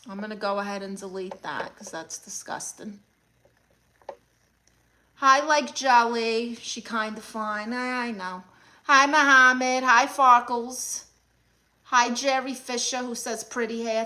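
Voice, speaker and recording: A woman playing a brash, sassy aunt who hosts a livestream, reading viewer comments with deadpan scolding. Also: a little high, takes it slowly, long pauses. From Brooklyn, New York. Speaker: comedic livestream host character. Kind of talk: mockumentary livestream comedy.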